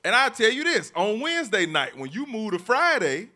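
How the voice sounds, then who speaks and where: A man's voice: high voice, wildly swooping pitch, moderate pace, sharp tone. A man in casual podcast chat, explaining his side in an earnest, persuasive way.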